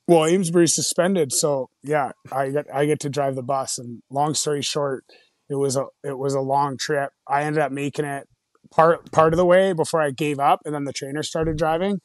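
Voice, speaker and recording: A middle-aged man tells his hockey stories in a loose, rambling flow, stacking up fillers and cursing now and then. His voice sits a little high for a man. The sound is close and dry, with no room around it. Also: no echo. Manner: rambling, frequent "like" and "you know", swears then apologizes. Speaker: guest, former hockey player. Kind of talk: casual storytelling.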